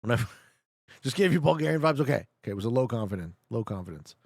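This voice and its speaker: Animated gravelly-voiced man streaming a game. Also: mid-range voice, fast talker, no room sound, studio quality. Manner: joking, talks back to his chat. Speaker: streamer playing a geography guessing game. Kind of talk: casual live gameplay commentary.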